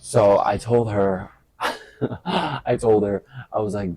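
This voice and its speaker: A man talking in a casual stream-of-thought vlog, animated, swearing often and laughing at his own stories. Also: lowish voice, slow, slightly rough, dry recording. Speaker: vlogger.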